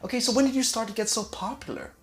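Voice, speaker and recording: A performer playing a fawning, excitable male talk-show host in an improvised comedy sketch. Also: medium pitch, fast talker, lightly acted. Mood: gushing. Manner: fawning, over-the-top. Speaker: interviewer. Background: faint sitar music.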